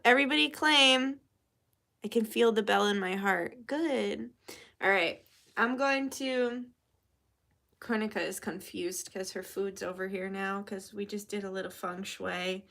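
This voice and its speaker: A woman's voice: a little high, vocal fry, a bit bright. A young woman vlogging casually as she lights candles for a spell, chatty and swearing freely, sometimes dropping to a whisper. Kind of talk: casual chat.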